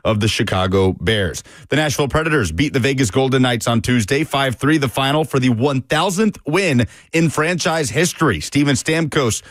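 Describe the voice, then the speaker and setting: A man reads a sports news update in a radio studio. His delivery is brisk and even. His voice is mid-pitched, and the sound is close and dry. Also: no echo. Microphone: studio microphone.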